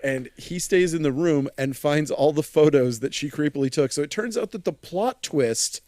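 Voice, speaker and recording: A man's voice: fairly high pitch, expressive, moderate pace, a little mellow, dry recording, studio quality. A man co-hosting a podcast, casually recapping a horror movie, laughing often and trailing off mid-thought. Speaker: podcast co-host.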